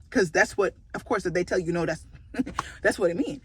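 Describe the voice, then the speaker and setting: A woman telling a story in a casual vlog, chatty and animated, with lots of fillers and laughter. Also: fairly low pitch, moderate pace, slight background noise.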